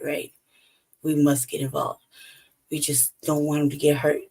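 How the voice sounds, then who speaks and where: A woman in casual chat, animated, laughing often and swearing freely. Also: low-pitched, measured pace, long pauses, husky.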